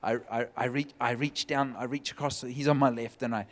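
A man preaching, telling a humorous personal story with lively, joking delivery. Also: medium pitch, fairly quick. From California. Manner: animated, jokey storytelling with laughs. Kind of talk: sermon storytelling.

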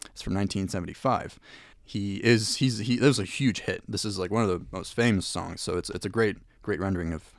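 A young man with a French accent, a guest talking haltingly in a casual radio interview, often restarting his sentences. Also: lowish voice, dry recording, studio quality. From Italy. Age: young adult. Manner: halting, many restarts and fillers.

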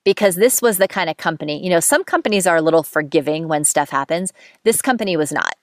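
A woman host telling a candid dating story in a casual monologue, animated, self-mocking and swearing freely. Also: lowish voice, quick pace, no room sound, studio quality.

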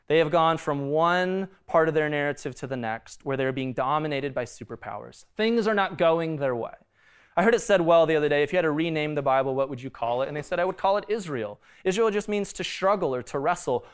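A man preaches a sermon, talking to his listeners like a friend and putting questions to them. His voice sits a little high for a man and comes through smooth and clean. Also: animated, brisk. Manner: conversational, asks the congregation questions. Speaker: pastor.

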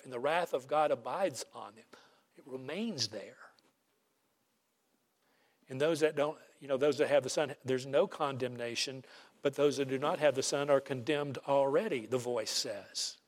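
A man's voice: medium pitch, normal speed. A man preaching an emphatic sermon as pastor, ending by leading a prayer. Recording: long reverb of a large hall.

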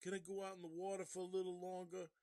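A little boy pleads in a high, thin voice with a put-on northern US accent, as a man acts him out. The sound is dry and close, with no room around it. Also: level tone, fast talker, mellow, no echo. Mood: pleading. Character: young boy begging to keep swimming.

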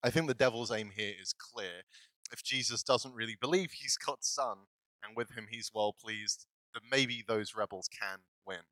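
A man's voice: lowish voice, bright, forceful tone, no echo, low-quality recording. Guy pastor giving a chill sermon, jokey and self-deprecating, laughs a lot, dry close sound. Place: church.

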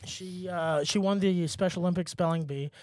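A man's voice: high voice, steady tone, moderate pace, a little mellow. A man co-hosting a comedy podcast, cracking silly offbeat jokes. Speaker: podcast co-host. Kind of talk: casual comedic podcast banter.

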